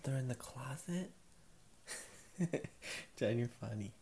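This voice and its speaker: A young father with a mellow, dark tone, speaking low and gentle. He coaxes patiently, in the quiet, hushed way of a bedtime chat. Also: lively intonation, takes it slowly, creaky. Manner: gentle, patient, softly coaxing. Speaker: father putting child to bed.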